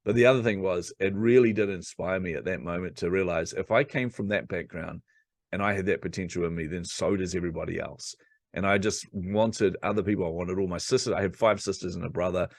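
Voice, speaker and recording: A man with a low, deep voice, a podcast guest from New Zealand telling a story from his childhood. He talks in a lively, conversational way and acts out the voices of the people he quotes. The sound is dry and close to the mic. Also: fairly quick, no echo.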